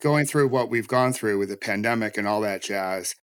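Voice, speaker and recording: An American man hosts a podcast interview conversationally, sounding reflective and earnest as he talks in long, flowing thoughts. His voice is fairly low in pitch at normal speed, a bit bright and clean, with no echo.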